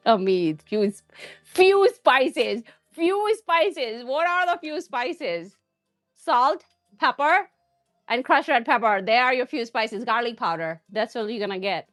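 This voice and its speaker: A woman hosts a cooking live stream, speaking slowly in an animated, slightly bright voice that leans high. She answers viewer comments in casual conversation, laughing often, while faint music plays.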